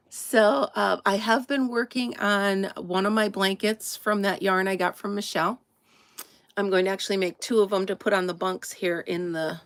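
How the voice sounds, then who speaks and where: A woman's voice: medium pitch, steady tone, normal speed, dry recording. A woman chatting casually to viewers on a live stream from inside her camper, greeting them by name and laughing often. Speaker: livestream host.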